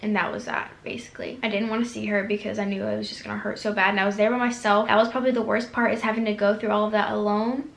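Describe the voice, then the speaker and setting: A young woman vlogger tearfully and earnestly retelling a painful story in a quick, rambling way. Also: medium pitch, little pitch movement, gravelly. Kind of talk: emotional storytelling vlog. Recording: echoey room.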